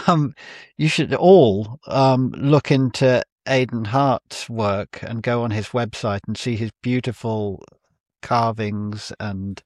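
A man's voice: medium pitch, slow, darkish tone, dry recording. Male podcast guest, mid-range voice, dry wit, dry close recording. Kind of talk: casual podcast chat.

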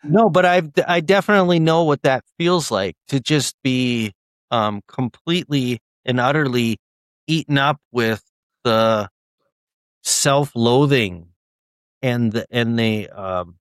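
A young man explains his views earnestly, pausing often with ums and restarting his sentences. His pitch is middling. The sound is dry and close to the mic. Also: no echo. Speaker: author and guest. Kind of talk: casual interview chat.

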